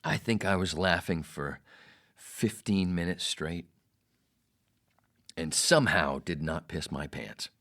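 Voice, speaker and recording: Low-pitched man, off-the-cuff profane podcast storyteller. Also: slow, long pauses, a bit bright. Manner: profane, rambling, jokey. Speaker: podcast host. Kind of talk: casual storytelling monologue.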